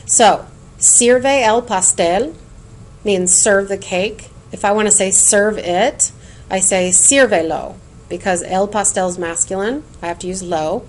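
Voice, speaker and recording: A woman teaching Spanish in a recorded lesson, explaining clearly and patiently and chanting word lists in a sing-song rhythm. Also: mid-range voice, a little slow, a little hiss or hum.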